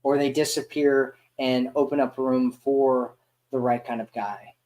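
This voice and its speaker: Brief: man, mid pitch, relaxed conversational dating coach. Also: measured pace. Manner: loose, conversational, many fillers like "you know". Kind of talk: casual advice talk.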